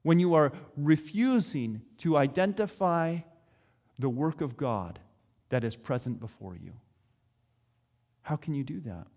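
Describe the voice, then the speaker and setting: A man preaching a sermon, earnest and questioning, with measured pauses. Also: a little high, expressive, a little mellow, long reverb tail. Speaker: pastor.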